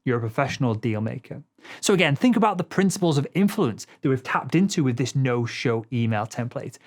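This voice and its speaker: A man teaching sales technique in a fast, assertive coaching manner, his voice not particularly deep. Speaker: sales trainer. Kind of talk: instructional talk to camera.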